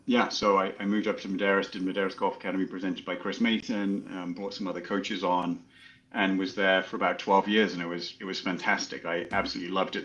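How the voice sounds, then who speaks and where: A man from England with a low voice tells stories in a relaxed, chatty way and laughs easily. He sounds like he is in his thirties. The recording is dull and lo-fi. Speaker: golf coach. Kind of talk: casual interview storytelling.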